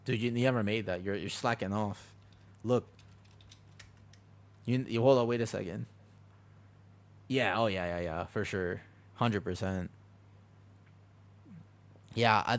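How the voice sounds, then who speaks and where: A man's voice: lowish voice, creaky. A young man chatting casually on a live game stream, rambling through a story with lots of fillers and restarts.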